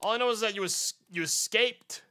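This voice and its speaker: A man's voice: sits high, a little fast, bright, forceful tone, clean tone. A man streaming a mystery game, thinking aloud casually and talking to his chat as he works things out. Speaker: gaming streamer. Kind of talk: casual live-stream commentary.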